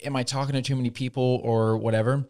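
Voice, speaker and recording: A young man talks in a relaxed podcast conversation. He is earnest and chatty, with easy laughs, and his voice sits at an ordinary middle pitch. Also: quick pace. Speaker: podcast co-host. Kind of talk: casual chat.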